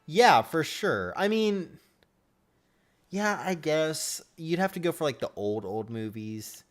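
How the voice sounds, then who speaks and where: Animated, unhurried man streaming live. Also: a little high. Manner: animated and reactive, chatty with viewers. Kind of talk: casual live-stream chat.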